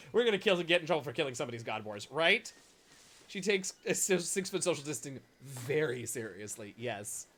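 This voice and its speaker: Male streamer doing playful game commentary; lively pitch, swears and yelps. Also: a little fast. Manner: excitable, joking, swears and yelps. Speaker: gaming streamer. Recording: voice over loud game music.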